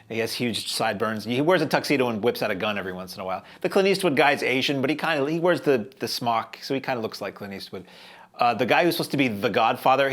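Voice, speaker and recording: A man's voice: mid-range voice, fairly bright tone. A man hosting a film review show, talking casually in a chatty, wry, rambling way with lots of fillers.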